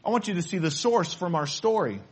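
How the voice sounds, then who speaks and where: A man preaching a sermon in an emphatic, animated way, repeating his key phrases. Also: high-pitched, a little fast, breathy edge.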